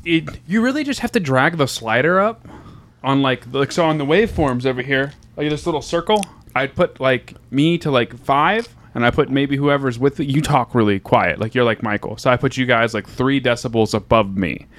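Rambling deadpan podcast host man. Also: mid-range voice, moderate pace. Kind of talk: casual podcast chat.

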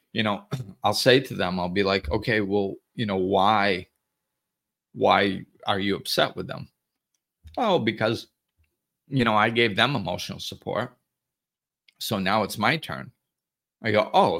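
Low-voiced man giving spiritual advice. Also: fairly bright tone. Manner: conversational, acts out dialogues with others. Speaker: host.

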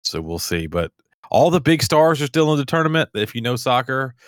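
A man's voice: mid-range voice, big pitch swings, brisk, no room sound, studio quality. A man hosting a podcast, chatting casually, rambling and laughing easily. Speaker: podcast host. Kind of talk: casual chat.

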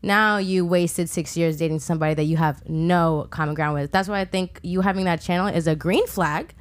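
Young woman with a lowish voice giving dating advice on a podcast, laughs a lot. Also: fairly even intonation, brisk. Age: young adult. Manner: thoughtful, laughs easily. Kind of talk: casual podcast chat.

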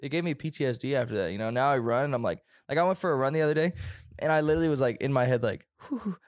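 A young man telling a story in casual chat, animated, laughing often and swearing heavily. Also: mid-range voice, very fast, dry recording, clean studio sound.

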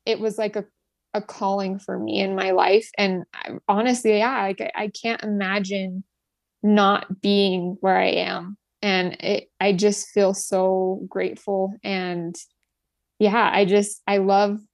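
A young woman in her twenties talks earnestly and gratefully about her work as a nurse, often restarting her sentences and filling gaps with "like" and "you know". Her voice sits at a middle pitch, and the room is dry and close. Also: flat delivery, takes it slowly, gravelly, no room sound. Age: 20s. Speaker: guest, nurse. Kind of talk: personal story in an interview.

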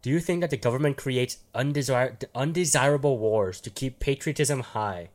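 A man's voice: medium pitch, moderate pace, a little mellow. Young man, podcast host; loose rambling chat, laughs a lot, slangy.

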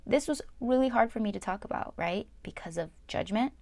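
A woman's voice: fairly high pitch, animated, a little fast, a little mellow, no room sound. Earnest young woman, dry close sound. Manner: earnest, confessional, repeats words for emphasis. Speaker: vlogger. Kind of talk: candid personal talk to camera.

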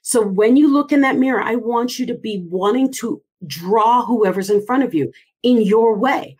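A woman voice coach giving advice on a casual video call, talking in an animated, expressive way. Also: on the high side, moderate pace. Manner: animated, expressive, by her own account. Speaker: voice and speaking coach.

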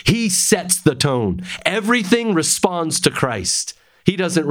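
A middle-aged male pastor preaching a sermon to young men at a camp, emphatic and repeating phrases for stress. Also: mid-range voice.

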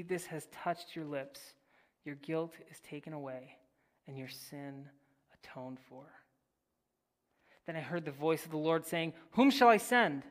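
A preacher reading scripture and teaching, swinging between loud declarations and near-whispered phrases, with casual asides to the listeners. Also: mid-range voice. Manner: casual, addresses listeners as "guys". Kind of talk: sermon with Bible reading and teaching.

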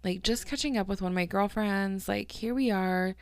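In a clear, resonant medium-pitched voice at normal speed, a young woman chats casually on her solo podcast, gushing to her listeners. "Like" and "um" come up constantly, and she yawns now and then. The sound is clean studio quality with no room sound.

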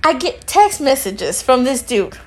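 A woman telling a story on a casual podcast. She has a high voice that swoops up and down, and she quotes everyone in the story. Her talk is sprinkled with swearing and the odd Spanish phrase. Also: unhurried. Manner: animated, acts out both sides of conversations, swears freely. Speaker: podcast co-host.

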